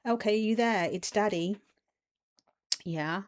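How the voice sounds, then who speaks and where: A woman's voice: mid-range voice, voice pushed up, close to an everyday voice. Woman speaking as a tender parent figure. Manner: tender, soothing, slow reassurance. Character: gentle loving parent voice, calling itself Daddy.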